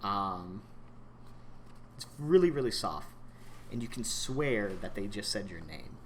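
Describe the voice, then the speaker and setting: A man narrating a tabletop game as game master, in a laid-back, halting way with lots of ums. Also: on the low side, very animated, fairly bright tone, a little hiss or hum.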